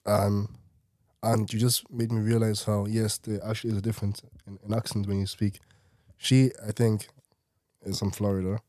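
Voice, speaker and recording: A man hosting a podcast, relaxed and chatty, laughing easily. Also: lowish voice, moderate pace, dry recording, studio quality. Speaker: podcast host. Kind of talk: casual conversation.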